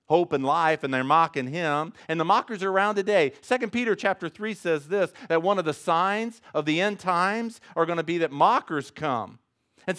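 A male pastor preaching a sermon, with big swings between loud and soft and jokes along the way. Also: fairly high pitch, normal speed.

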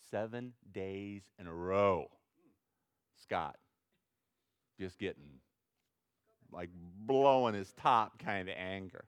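A man preaching a sermon as pastor, acting out prayers and little dialogues, swinging from loud to hushed. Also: sits low, slow pace, pauses often, clear, resonant tone, dry recording. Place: church sanctuary with congregation.

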